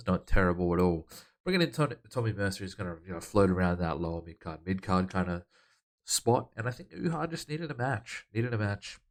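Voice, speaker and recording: A man hosting a casual wrestling management game commentary, reading out match results in a relaxed, matter-of-fact way. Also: low voice. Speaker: host.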